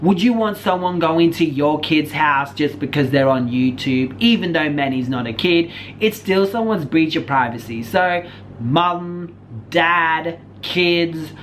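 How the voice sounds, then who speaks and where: A man's voice: a little high, expressive, unhurried, a bit bright, a little hiss or hum. A man hosting a drama commentary channel, casual, blunt and joking, with plenty of swearing.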